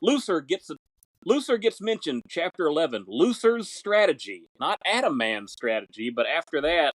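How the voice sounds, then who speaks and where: A man's voice: fairly high pitch, sing-song, moderate pace, no room sound, rough recording. A man co-hosting a podcast, chatting casually about an old film serial, rambling and searching aloud for words. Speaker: podcast co-host. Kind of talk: casual chat.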